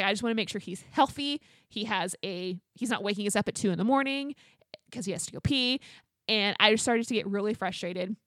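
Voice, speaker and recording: Pregnant young woman co-host, rambling storyteller, mid-pitched voice, dry close mic. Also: a bit bright, no echo. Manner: chatty storytelling, many "like"s, laughs often. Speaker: podcast co-host. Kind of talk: casual chat.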